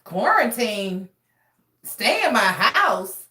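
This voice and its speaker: A woman's voice: medium pitch, sing-song, extremely slow, sharp tone, echoey room, distant mic, heavily acted. A woman imitating a brash, defiant man who curses and blusters as she retells a story. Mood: scoffing. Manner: cursing, blustering. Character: brash defiant man, a good old boy.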